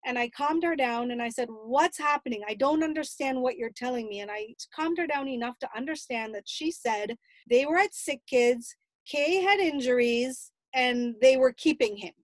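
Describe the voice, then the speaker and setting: A middle-aged grandmother giving an earnest, animated personal account in an interview. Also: high voice, normal speed, dry recording.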